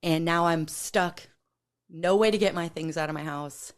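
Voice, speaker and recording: A woman's voice: on the low side, moderate pace. A woman from California, a podcast guest, telling her own recovery story in a candid, blunt way, swearing and acting out what others said.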